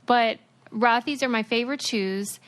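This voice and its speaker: A young woman co-hosting a podcast, brisk and enthusiastic as she chats and reads a sponsor segment. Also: fairly high pitch, a bit bright. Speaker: podcast co-host. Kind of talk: casual chat and host-read ad.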